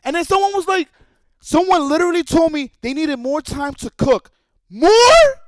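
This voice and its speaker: A man's voice: very high voice, moderate pace, no room sound. A man streaming a heated, profane rant, repeating his points with anger. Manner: angry, profane, repetitive.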